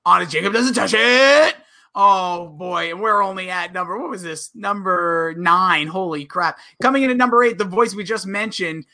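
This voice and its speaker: A man co-hosting a podcast in casual chat, retelling comedy sketches and acting out quoted lines in animated voices. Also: high-pitched, moderate pace, few pauses. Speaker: podcast co-host.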